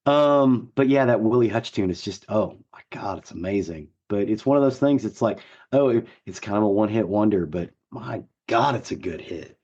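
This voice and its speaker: Hoarse, husky man chatting on a podcast. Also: lowish voice, animated, normal speed, darkish tone, dull audio. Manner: enthusiastic, rambling with many fillers. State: gruff, hoarse voice. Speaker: podcast co-host. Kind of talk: casual chat.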